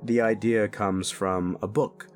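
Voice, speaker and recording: A man's voice: on the low side, steady tone, takes it slowly. Candid, self-deprecating man chatting casually. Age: adult father. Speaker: content creator talking to his audience. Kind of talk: casual chat.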